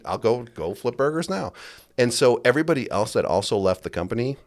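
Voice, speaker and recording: A Las Vegas-based man appears as a podcast guest, telling his stories in a casual, animated way. His mid-range voice moves a little fast, and he acts out the bosses he quotes in raised voices.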